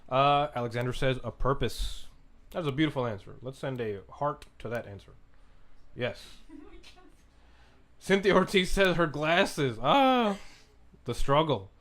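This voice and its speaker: A relaxed man hosts a podcast livestream and chats with viewers at an ordinary, middle pitch. He rambles loosely, restarts his sentences often and swears casually as he answers chat questions. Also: unhurried, pauses often. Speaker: podcast host reading live chat.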